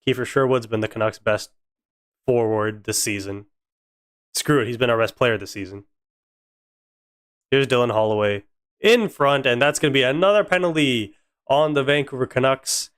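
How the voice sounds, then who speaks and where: Young man, fan hockey play-by-play, exasperated and sarcastic, smooth clear voice, dry close mic. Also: mid-range voice, moderate pace, long pauses, a bit bright, no echo. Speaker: fan streamer doing live commentary. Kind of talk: fan play-by-play commentary on a live stream.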